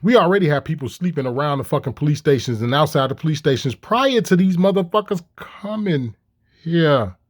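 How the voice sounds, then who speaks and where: A man's voice: a little high, animated, brisk. A man giving profane, heated commentary, firing off mocking rhetorical questions. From Chicago. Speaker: commentator reacting to clips.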